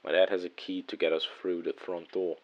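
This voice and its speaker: A man telling a first-person horror story in a measured, hushed way, letting phrases trail off softly. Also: low voice, little pitch movement, lo-fi sound. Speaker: narrator.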